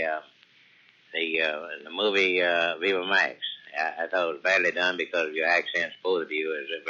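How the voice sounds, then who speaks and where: A man's voice: low voice, pushed and bright. A man voicing a pompous Texan billionaire politician who rambles and stumbles on an answering machine, with a Texas accent. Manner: rambling, halting, full of ums. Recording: dull lo-fi answering machine tape.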